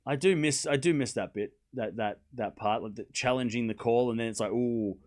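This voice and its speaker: A young man hosting a live tennis watchalong, chatting excitedly with viewers and calling scores. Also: medium pitch, a little fast. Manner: chatty and excitable, laughs often, repeats phrases, calls out live scores. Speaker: livestream tennis watchalong host. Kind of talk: casual live-stream commentary chatting with viewers.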